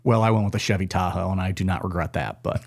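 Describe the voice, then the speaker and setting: A man's voice: deep voice, fast talker, creaky. A man co-hosting a podcast in casual, joking banter, emphatic and profane. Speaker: podcast co-host.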